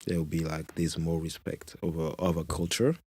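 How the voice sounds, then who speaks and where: Man, podcast host, native French speaker, low mellow voice, hesitant, filler-heavy. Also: little pitch movement, moderate pace, slightly rough. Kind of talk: conversational interview.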